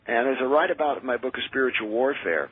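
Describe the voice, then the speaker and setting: A man who is a minister and exorcist, telling his experiences in an earnest, measured way as a radio interview guest. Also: medium pitch, animated, slightly rough, no echo. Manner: earnest, measured, with frequent restarts. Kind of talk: radio interview, personal storytelling. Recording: tinny dry phone line.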